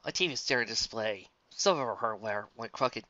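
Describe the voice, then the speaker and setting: A woman reading a fan fiction story aloud as narrator, in a plain, steady reading voice. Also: very deep voice, normal speed, no echo, lo-fi sound.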